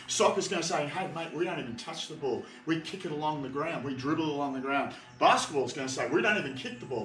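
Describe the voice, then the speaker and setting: A man's voice: mid-range voice, fairly bright tone. A man with an Australian accent, a jiu-jitsu instructor explaining techniques in a rambling way with fillers and restarts. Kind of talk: casual instructional talk. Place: martial arts gym. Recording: echoey gym from far off, faint music.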